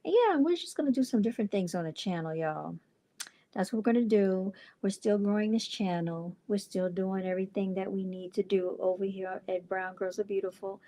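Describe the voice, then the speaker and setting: A woman's voice: medium pitch, fairly quick, warm tone. A woman hosting her own livestream channel, talking casually to viewers with chatty, exasperated asides. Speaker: channel host and clothing brand founder.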